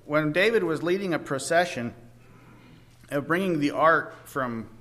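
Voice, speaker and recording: Male preacher, slightly high voice, slow halting sermon delivery, raises his voice for scripture. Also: lively intonation, sharp tone. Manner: halting, with frequent restarts.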